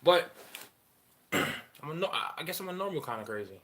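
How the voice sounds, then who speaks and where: A man in a candid personal monologue, rambling and profane, halting often with fillers as he talks about his feelings. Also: fairly high pitch, sing-song, a bit bright, slight background noise. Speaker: father sharing personal story.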